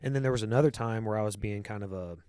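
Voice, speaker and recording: A man's voice: lowish voice, fast talker, mellow, clear, resonant tone, no echo, studio quality. A man hosting a podcast in casual chat, blunt and full of swearing, often repeating words as he starts a thought. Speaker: podcast host.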